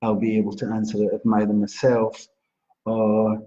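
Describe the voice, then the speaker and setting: A man's voice: lowish voice, completely flat delivery, moderate pace, dark tone. Chatty man, dull live-stream sound. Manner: chatty, greets viewers by name, laughs often. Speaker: psychic astrologer host. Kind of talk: live-stream chat and card readings.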